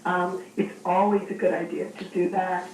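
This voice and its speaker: A woman chef and cookbook author with a hoarse, gravelly voice from a cold, calmly guiding a cooking demo step by step over the phone, with many ums. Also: fairly low pitch, moderate pace. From Maine. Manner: explains steps warmly in detail, with ums. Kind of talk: casual instructional chat. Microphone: phone line. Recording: echoey, distant, faint noise.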